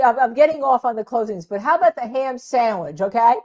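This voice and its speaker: A woman's voice: fairly high pitch, animated, quick pace, a little mellow, muffled recording. A woman lawyer and host in a casual chat, joking and firing off rhetorical questions. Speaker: former prosecutor, now defense attorney.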